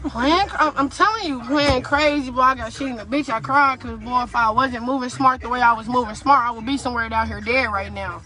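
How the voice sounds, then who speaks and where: A woman's voice: a little high, fairly quick, hardly any pauses. A young woman from Indianapolis, a guest in an interview, retelling events in a casual, profane way with lots of quoted dialogue. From Indianapolis, USA. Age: young adult. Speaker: guest recounting a kidnapping.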